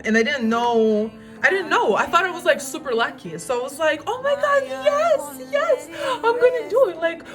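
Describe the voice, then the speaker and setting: Rambling young woman vlogger over music. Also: on the high side. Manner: chatty, rambling, self-mocking. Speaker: beauty vlogger. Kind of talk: casual storytelling while doing makeup.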